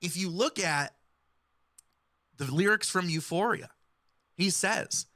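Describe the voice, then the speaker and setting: A man's voice: high voice, slow pace, long pauses, sharp tone, no room sound, studio quality. A man giving earnest, explanatory hip-hop commentary and breaking down lyrics. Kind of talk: analytical commentary.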